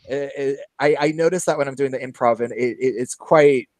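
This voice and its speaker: A man's voice: mid-range voice, a little fast, a little mellow, dry recording. A man in casual chat with a Californian Valley Girl accent, rambling and trailing his sentences up, full of "like". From Seattle. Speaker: podcast co-host.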